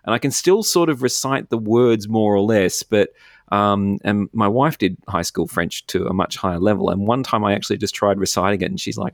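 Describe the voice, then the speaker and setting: A man's voice: fairly low pitch, a little fast, no room sound, clean studio sound. A man with an Australian accent, a philosopher guest chatting casually, rambling and self-deprecating with frequent laughs. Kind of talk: casual chat.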